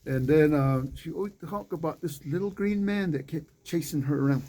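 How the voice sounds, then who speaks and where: A man leading an informal Bible study in a small group, reading scripture aloud and adding unhurried conversational asides. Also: on the high side, mellow, low-quality recording.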